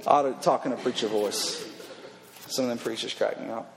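A man preaching an emphatic youth sermon that repeats its points and builds to shouts. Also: mid-range voice, steady tone, fairly quick, gravelly, echoey room, in a large hall, crowd noise. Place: large hall with an audience.

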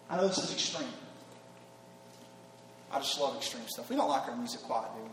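A man preaching an emphatic youth sermon that repeats its points and builds to shouts. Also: medium pitch, expressive, a little fast, long pauses, echoey room, big-room sound, a little hiss or hum. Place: large hall with an audience.

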